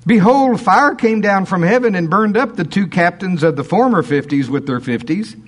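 Animated, chuckling man preaching. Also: high-pitched, moderate pace, few pauses. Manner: animated and chuckling, breaking into asides. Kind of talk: expository sermon, reading scripture with commentary.

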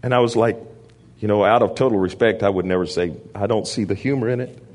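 A man preaching to a church, telling animated stories and laughing often between lines. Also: fairly low pitch, quick pace, slight background noise. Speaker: guest preacher. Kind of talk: storytelling sermon.

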